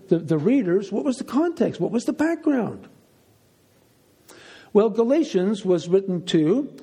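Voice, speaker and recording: High-voiced man teaching the Bible. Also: warm tone. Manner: emphatic, asks rhetorical questions, repeats key phrases.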